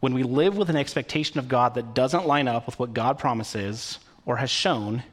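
Male pastor, sermon, storytelling, conversational, mid-pitched voice. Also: moderate pace.

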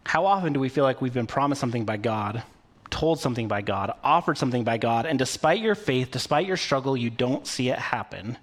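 A man's voice: medium pitch, expressive, brisk. A man preaching a sermon in a conversational, storytelling way, with occasional fillers. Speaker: pastor.

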